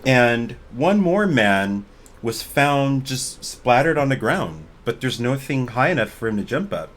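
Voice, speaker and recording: A man voicing a wealthy, oddly energetic young woman archaeologist in a tabletop game, talking bluntly and brightly. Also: mid-range voice. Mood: chipper. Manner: bubbly, blunt, fast-talking.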